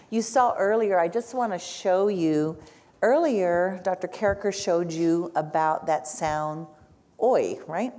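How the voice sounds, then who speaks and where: Woman teacher, lower voice. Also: takes it slowly, darkish tone. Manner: asks the audience frequent questions, tags with "right?". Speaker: speech language pathologist teaching a workshop. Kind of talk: live classroom lecture.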